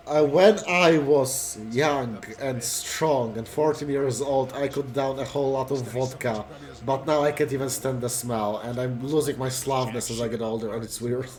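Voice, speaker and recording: A man chatting casually on a let's play, halting and stammering as he talks. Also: medium pitch, fairly even intonation. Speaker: streamer. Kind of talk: casual chat.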